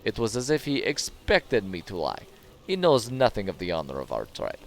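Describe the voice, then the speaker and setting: A man's voice: on the low side, wildly swooping pitch, moderate pace, creaky, heavily acted. A man voicing a proud, worried tribal wife in a video game, reading her lines plainly and earnestly in his own voice.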